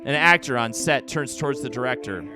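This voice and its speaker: Streamer reading game text aloud in a relaxed, wry manner, with game music playing clearly behind. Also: male voice, medium pitch, a little fast.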